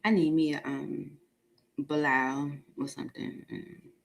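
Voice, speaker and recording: A woman's voice: sits low, level tone, measured pace, creaky, slight background noise, rough recording. A woman reading tarot on a casual live stream, chatting and laughing while she reads viewer questions aloud. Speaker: tarot reader.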